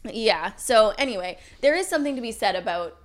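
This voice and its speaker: Easygoing young woman, quick to laugh. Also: a little high. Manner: relaxed, laughs easily, short reactions. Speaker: podcast co-host. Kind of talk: casual chat.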